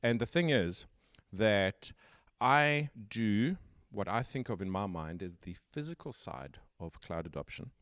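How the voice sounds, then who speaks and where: A man's voice: lowish voice, animated, unhurried, hardly any pauses, a bit bright, no echo, clean studio sound. A man hosting a casual tech interview podcast, explaining his points step by step. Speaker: podcast host.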